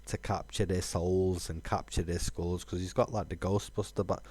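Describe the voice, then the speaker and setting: A man's voice: low-pitched, fairly even intonation, moderate pace, darkish tone, husky. A man, musing aloud with fillers while streaming a game. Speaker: gaming streamer. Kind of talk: casual let's-play commentary.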